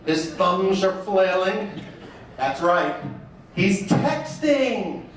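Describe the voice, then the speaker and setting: Man, high voice, wry comic storyteller, recorded far off in a very echoey room. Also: a little hiss or hum. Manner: wry, animated storytelling with mock quotes. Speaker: speaker. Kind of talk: stand-up style speech.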